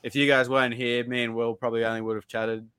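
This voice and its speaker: A man's voice: medium pitch, level tone, fast talker, a bit bright, smooth, dry recording. A man hosting a casual podcast chat, reading viewer comments aloud and laughing easily. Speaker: podcast host.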